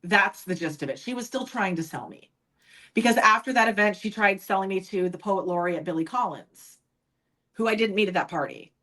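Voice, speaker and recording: Woman podcast guest, mid pitch, candid storyteller who acts out quotes. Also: fairly quick, a bit bright, low-quality recording. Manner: candid, acts out other people's lines when quoting. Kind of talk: personal storytelling in an interview.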